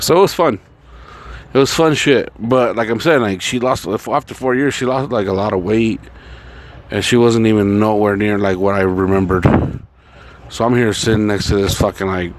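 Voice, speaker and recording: A lower-pitched young man spins a long, rambling, profane story, acting out both sides of the dialogue. Faint noise and a passing vehicle sit behind him. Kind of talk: casual storytelling.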